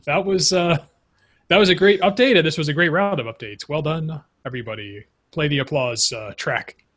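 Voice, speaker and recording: Male podcast host, slightly higher voice, joking and easygoing, keeps things moving. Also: normal speed, a bit bright. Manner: jokey, laughs between lines. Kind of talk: casual chat.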